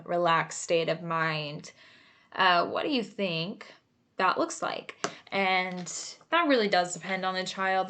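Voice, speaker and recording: A woman therapist talks through an exercise in a slow, unhurried way, full of casual fillers and little asides. Her voice sits a bit low, and she takes her time over every point. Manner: relaxed, chatty, many fillers and asides. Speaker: creative arts therapist. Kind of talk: casual instructional talk.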